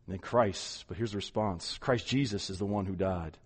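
A man preaching a sermon, emphatic, often repeating words and swinging between loud and soft. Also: on the low side, moderate pace, husky. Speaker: pastor.

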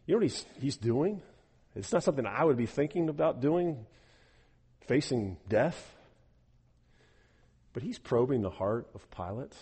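A man preaching a sermon, animated, acting out the people he quotes and often repeating words as he goes. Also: mid-range voice, a little slow, pauses often, breathy edge. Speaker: pastor. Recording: echoey hall with long reverb.

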